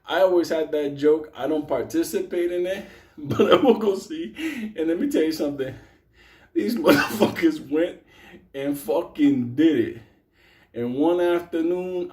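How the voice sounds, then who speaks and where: A man with a fairly high voice tells a story in a loose, rambling way. He swears in nearly every line and keeps cracking himself up. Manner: profane, laughs often; animated, rambling. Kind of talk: casual storytelling.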